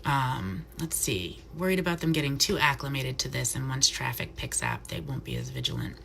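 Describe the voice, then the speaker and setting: A woman talks casually about wildlife on a live stream, dropping into soft coos for the bird on her glove. Her voice sits low. A faint hiss runs under the recording. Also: sing-song, moderate pace, gravelly. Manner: chatty, soft cooing asides to the owl. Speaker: wildlife educator. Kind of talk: live-streamed educational talk. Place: wildlife center room.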